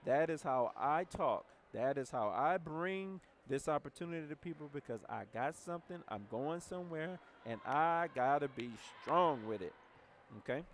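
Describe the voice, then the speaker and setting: A man's voice: fairly high pitch, animated, moderate pace, slight background noise. A man leading a motivational team training talk, blunt and direct, telling his team how to handle calls. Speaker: team leader.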